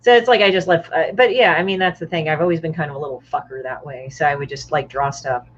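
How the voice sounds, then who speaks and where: Low-pitched and fast-talking, a woman guest comic artist gives blunt, profane stories in casual podcast chat, acting out other people's lines. The recording is lo-fi, dull, and muffled.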